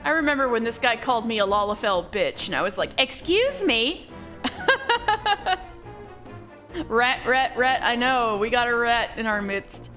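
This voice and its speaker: A woman's voice: a little high, brisk, hardly any pauses, fairly bright tone, faint music behind. A woman streaming a video game, giving blunt, crude, joking casual commentary.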